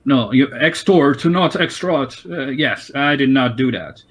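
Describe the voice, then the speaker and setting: A man's voice: mid-range voice, expressive, measured pace. A sullen young mercenary caught and held for questioning, denying everything in a sneering, defensive tone, as a man voices him. The voice stays close to an ordinary man's talk, with a sulky edge.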